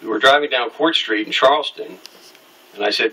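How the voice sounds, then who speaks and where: A man's voice: medium pitch, moderate pace, bright, forceful tone, slightly rough, far from the mic, poor audio. A middle-aged man telling a personal story in an interview, candid and wry, acting out the people he quotes.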